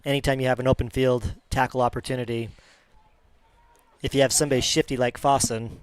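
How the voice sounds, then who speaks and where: Relaxed man doing football color commentary. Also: medium pitch, fairly quick, clean tone, dry recording. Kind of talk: high school football commentary.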